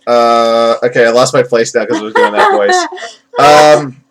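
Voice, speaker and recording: Male podcast host, casual review chat, rambling, swears freely, mid pitch. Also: moderate pace, heavy background noise. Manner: rambling, profane, acts out quotes.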